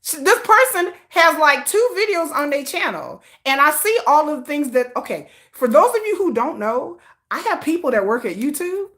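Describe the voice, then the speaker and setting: Woman, sassy livestream host, high voice, lively swooping pitch, bright tone, laughs a lot. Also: normal speed. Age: adult, old enough to have a teenage child. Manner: sassy and animated, with slangy put-downs and frequent laughter. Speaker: K-pop commentary livestream host. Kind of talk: casual livestream chat, reading viewer comments.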